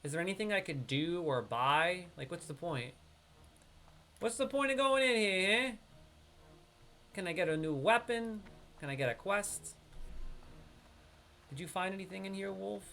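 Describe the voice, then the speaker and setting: A man's voice: sits high, animated, moderate pace, gravelly, long pauses, bright, forceful tone. A man with a New York accent giving live gameplay commentary, chatting straight to his viewers. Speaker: streamer.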